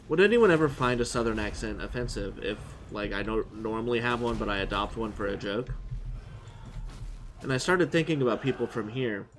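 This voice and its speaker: Man rambling on a game stream. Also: medium pitch. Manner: rambling, thinking aloud. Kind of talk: casual live-stream chat.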